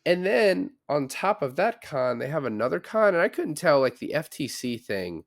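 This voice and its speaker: A man co-hosting a podcast, casually recapping a film in a relaxed, rambling way. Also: a little high, normal speed, no echo, studio quality. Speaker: podcast co-host. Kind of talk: casual chat.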